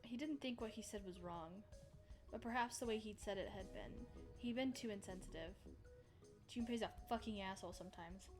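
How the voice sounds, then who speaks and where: A young woman streamer reading a visual novel aloud and breaking off into chatty, animated asides. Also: medium pitch, brisk, music in the background. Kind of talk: narration mixed with casual chat.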